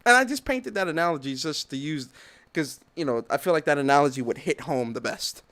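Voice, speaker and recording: A man's voice: a little high, lively intonation, brisk, a bit bright. A man hosting a podcast, ranting in opinionated solo commentary, swearing freely and acting out little dialogues. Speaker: podcast host.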